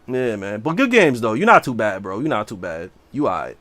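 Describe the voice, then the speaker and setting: A man's voice: on the low side, a little fast, no echo. A man chatting casually and brashly while streaming a game. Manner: brash, slangy, animated. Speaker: livestreamer. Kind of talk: casual gaming stream talk.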